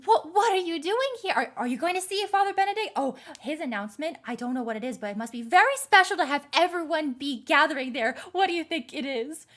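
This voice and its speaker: A woman's voice: sits high, animated, quick pace, few pauses, fairly bright tone, voice pushed up. A woman voicing a nosy old townswoman who chatters fussily in a tabletop game. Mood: fussing. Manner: fussy, breathless chatter.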